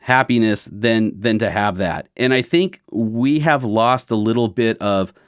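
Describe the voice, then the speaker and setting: A man hosting a podcast, telling a story in an animated way and acting out the other person's lines. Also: lowish voice, unhurried, clean tone, no echo, studio quality. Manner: animated storyteller who acts out quotes. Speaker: podcast host. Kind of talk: casual conversation.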